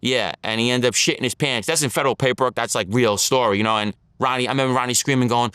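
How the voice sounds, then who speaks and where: A man's voice: mid-range voice, lively intonation, fast, hardly any pauses, sharp tone, clear, resonant tone, no room sound, studio quality. A man telling his story as an interview guest, in blunt street talk, acting out the lines of others.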